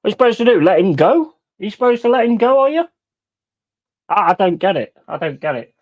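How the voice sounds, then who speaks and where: Animated, swearing man ranting at football. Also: sits high, quick pace, lo-fi sound. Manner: furious, sweary ranting at the referee. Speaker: watch-along host. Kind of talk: live football reaction commentary.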